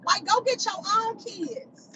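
A very high-pitched, bright woman lashes out at critics on a livestream, confrontational and profane. She hammers the same insults over and over into her phone, with a faint hum of a vehicle behind her. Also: expressive, slow pace, low-quality recording. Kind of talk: angry livestream rant.

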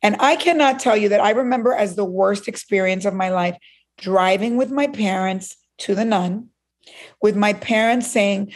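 Animated Cuban-born woman telling her story. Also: medium pitch, moderate pace. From Cuba. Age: middle-aged. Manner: animated, acts out what others said. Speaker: interview guest. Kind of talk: personal storytelling in an interview.

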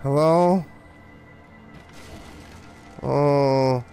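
A man's voice: fairly high pitch, fairly even intonation, extremely slow, dark tone, soft background music. A man streaming a horror game, giving sarcastic, mock-scared commentary and swearing freely. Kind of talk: live gameplay commentary.

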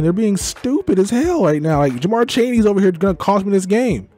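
A young gaming YouTuber from Texas commentating his own football video game match, sliding between low muttering and frustrated outbursts. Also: big pitch swings, a little fast, dry recording, clean studio sound. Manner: swings from muttering to frustrated yelling. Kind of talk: live gameplay commentary.

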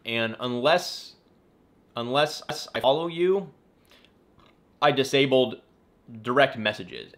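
A man's voice: lowish voice, fairly bright tone. A man hosting a casual live-stream Q&A as an aquarium YouTuber, chatty and rambling, often correcting himself and apologizing. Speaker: aquarium YouTuber answering viewer questions. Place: home in the California desert.

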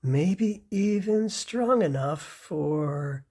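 Slow breathy storybook reader, voice goes up n down a lot, kids' story read-aloud. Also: mid-range voice. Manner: slow and expressive.

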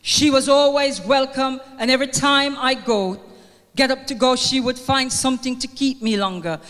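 A woman's voice: high-pitched, moderate pace, a bit bright. An older woman with a Jamaican accent speaks at a funeral, tearful but earnest. She reads scripture in a lilting, churchly cadence. Her voice rings with the long reverb of a church hall. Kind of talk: heartfelt eulogy with scripture reading.

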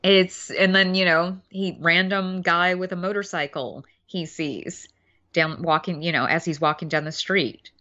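A woman co-hosting a podcast, chatting casually about a film as an animated storyteller who acts out quotes. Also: lowish voice, measured pace, lo-fi sound. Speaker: podcast co-host.

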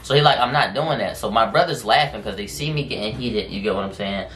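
A man casually telling a story on his vlog in slangy, profane speech, full of fillers and drawn-out phrases. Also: fairly low pitch, fairly bright tone, a little hiss or hum. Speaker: storytime vlogger. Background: music in the background.

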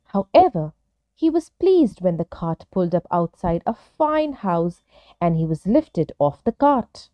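A woman narrating a children's story in a gentle, expressive storytelling manner. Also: on the low side, unhurried, dry recording.

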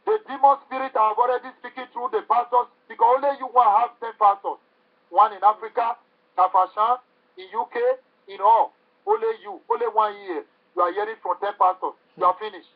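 High-pitched preacher man, tinny sound. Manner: fervent, repetitive exhortation. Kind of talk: sermon. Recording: tinny phone-like recording.

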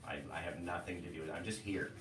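A man's voice: deep voice, fairly even intonation, fast, fairly bright tone. Chatty male painting instructor, roomy echo. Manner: rambling, chatty, storytelling asides. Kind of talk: casual live tutorial chat. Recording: echoey room, distant mic, faint noise.

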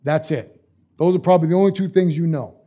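A man's voice: fairly high pitch, fast talker, mellow. A male pastor preaching a sermon in a casual, conversational way, repeating phrases for emphasis.

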